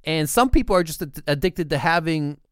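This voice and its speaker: A man's voice: on the high side, animated, brisk, clear, resonant tone, no echo, clean studio sound. Exasperated man with a Pittsburgh accent. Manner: ranting, exasperated. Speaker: podcast co-host. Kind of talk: casual chat.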